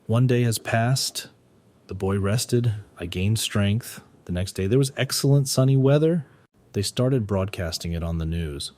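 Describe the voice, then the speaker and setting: A man narrating a story recap in a plain, steady storytelling manner. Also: fairly low pitch.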